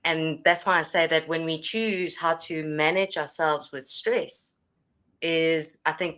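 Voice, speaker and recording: A woman co-hosting a casual livestream, speaking in a calm, reflective way and laughing often. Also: low voice.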